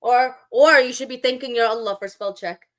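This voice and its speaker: A woman's voice: fairly high pitch, normal speed, fairly bright tone. A woman live-streaming, talking back to her chat in a sarcastic, mocking and scolding way. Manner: scolding, lecturing.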